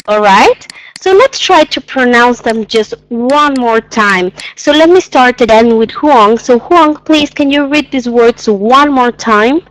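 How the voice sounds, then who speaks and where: A woman's voice: on the high side, measured pace, poor audio. A woman teaching an English pronunciation lesson, patiently repeating sounds and exaggerating them so learners can hear.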